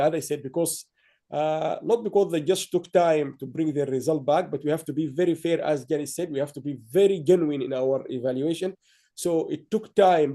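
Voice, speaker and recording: A man hosting an online awards ceremony over a video call, speaking haltingly with many fillers and repeated words. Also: a little high, mellow. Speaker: awards host.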